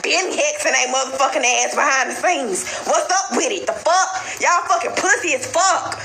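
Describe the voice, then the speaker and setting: A woman ranting casually to camera, heated and profane, exasperated and loud. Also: sits high, expressive, normal speed, few pauses, echoey room, slight background noise, rough recording. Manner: profane, heated, exasperated, breaks into laughter and shouting.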